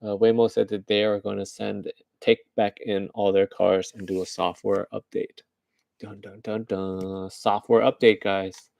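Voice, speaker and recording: A man giving loose, chatty commentary on the news to his viewers, often checking in with a quick "right?". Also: fairly low pitch, flat delivery, vocal fry, a little mellow, dry recording. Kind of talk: casual rambling commentary.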